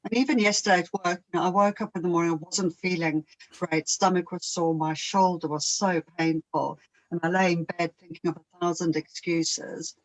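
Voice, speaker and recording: A woman talking casually as a guest, chatty and quick to laugh. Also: fairly low pitch, steady tone, rough recording. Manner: chatty, laughs often, mimics others. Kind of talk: casual conversation.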